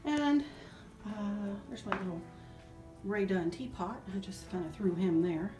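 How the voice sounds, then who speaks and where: A woman's voice: mid-range voice, measured pace. Chatty woman in an echoey house. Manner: chatty and sentimental, with soft laughs. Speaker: home decor vlogger. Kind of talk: casual home tour narration. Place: indoors in a house. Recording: roomy echo, faint music.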